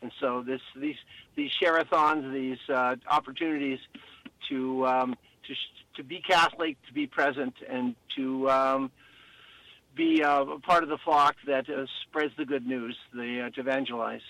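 A priest talks as a guest on a radio show, in a dry, close studio. He speaks haltingly at a middling pitch and fills his sentences with pauses and fillers. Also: fairly even intonation, bright, forceful tone, no room sound, rough recording. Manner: halting, hesitant, many fillers. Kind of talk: radio interview.

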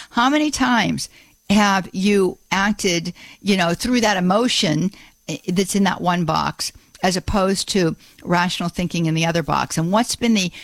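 A woman's voice: on the low side, vocal fry, no room sound. Effusive woman hosting religious radio. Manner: effusive, repeats words of praise. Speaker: radio host. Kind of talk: religious call-in radio talk.

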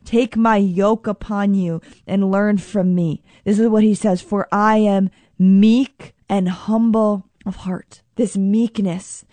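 A woman's voice: mid-range voice, fairly even intonation, dark tone, dry recording. Earnest woman preaching a sermon. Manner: earnest, emphatic, repeats phrases, slows for key lines.

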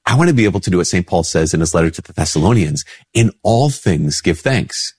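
A Catholic priest, a bit under the weather with a stuffy nose, offers a casual spoken reflection in an expressive, brisk, husky voice with a darkish tone. He keeps it conversational and acts out quoted replies in a lifted, higher voice. The recording is dry and clean, with studio sound.

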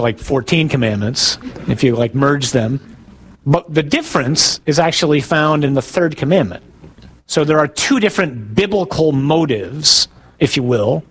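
A man, a priest, giving a sermon in a conversational, self-deprecating way, with asides to the congregation. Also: medium pitch.

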